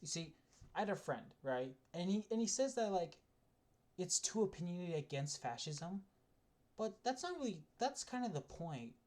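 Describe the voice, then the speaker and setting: A man's voice: sits high, a little mellow. Man rambling through a casual rant. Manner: rambling, with frequent restarts and swearing. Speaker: video essayist.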